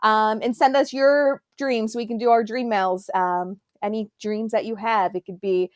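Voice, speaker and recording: A woman's voice: on the high side, steady tone, measured pace, no room sound. A woman hosting a podcast in casual chat, talking with lots of filler words. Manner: chatty, many fillers. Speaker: podcast host.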